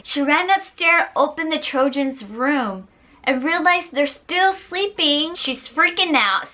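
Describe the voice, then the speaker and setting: A woman's voice: sits high, expressive, slow, sharp tone. A young woman casually telling a scary story to her viewers, playfully acting out voices and sound effects. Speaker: storyteller vlogger.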